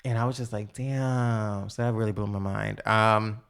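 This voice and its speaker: A podcast guest telling stories in casual, slangy chat, acting out quotes with big jumps in pitch. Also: level tone, moderate pace, vocal fry, clear, resonant tone.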